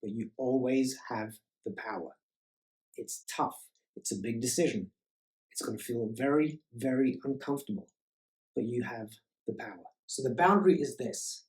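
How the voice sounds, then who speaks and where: A male life coach gives a motivational self-help talk at a middle pitch. He is emphatic and hammers his points home by repeating key words. The sound is roomy, with a clear echo around him. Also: normal speed, darkish tone.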